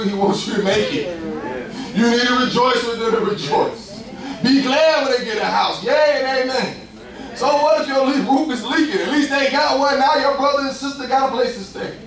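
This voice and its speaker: A man preaching a sermon, animated and lively, swinging from loud bursts to hushed asides. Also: extremely high pitch. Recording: echoey room picked up from far off, faint ambience.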